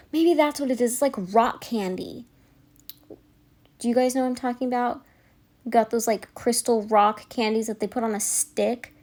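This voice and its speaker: A woman's voice: fairly high pitch, warm tone. A young woman chatting in a casual voiceover, rambling and chatty, apologizing for how much she talks. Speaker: nail vlogger.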